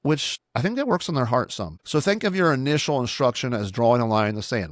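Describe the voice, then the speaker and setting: A man's voice: mid-range voice, a little fast, hardly any pauses, no room sound, studio quality. Plain-spoken male pastor teaching. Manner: instructive, plain-spoken, repeats key points. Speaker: pastor and podcast host. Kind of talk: solo podcast teaching.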